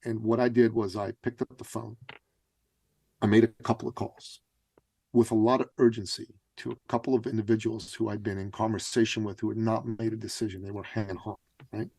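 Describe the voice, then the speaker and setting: A middle-aged man telling a story as a podcast guest, acting out the voices in it with big leaps in pitch. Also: little pitch movement, fairly quick, vocal fry, mellow, husky, no echo. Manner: acts out dialogue with big jumps in pitch. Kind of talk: animated storytelling.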